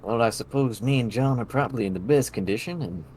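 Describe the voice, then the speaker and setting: A man's voice: medium pitch, quick pace, a little mellow, a little hiss or hum. A man playing a tabletop game, joking and wry about his character's chances. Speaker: player. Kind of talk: casual tabletop game play.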